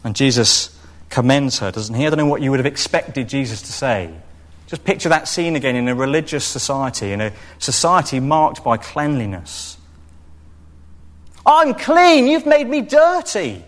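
Male preacher delivering an expressive sermon. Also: mid-range voice, normal speed. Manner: expressive, acts out quoted voices.

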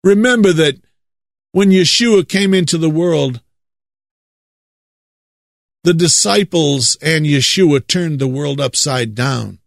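A man from the United States delivers a preaching monologue in a fairly high voice, stretching his stressed words and repeating them to drive a point home. The sound is dry and close, with no room around it. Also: vocal fry, no room sound. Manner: emphatic, drawn-out stresses, repeats words for effect.

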